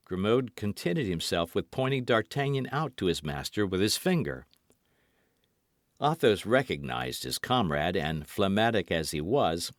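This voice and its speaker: Male audiobook narrator, mid pitch, animated storytelling, dry booth. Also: dry recording. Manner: expressive storytelling. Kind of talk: scripted narration.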